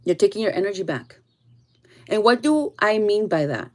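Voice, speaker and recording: A woman talks straight to her viewers in a casual spiritual reading. She is blunt and swears freely, with her voice sitting at a middle pitch. Her lines often drift down into soft, low asides. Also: very animated, normal speed. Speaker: tarot reader.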